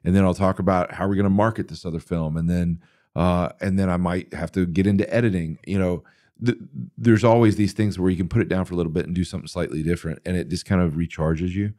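A middle-aged man hosting a podcast, telling stories in a rambling, animated way with many fillers. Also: low-pitched, fast talker, no room sound, clean studio sound. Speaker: podcast host answering listener questions. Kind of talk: casual interview talk.

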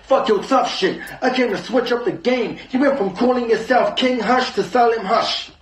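A man performing an aggressive battle rap verse, taunting his opponent with rapid-fire insults. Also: very high voice, reverberant, slight background noise. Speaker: battle rapper.

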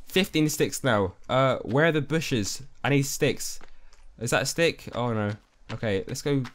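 A young man giving excitable let's-play commentary, easily spooked and talking to his viewers. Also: mid-range voice, measured pace. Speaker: gaming YouTuber.

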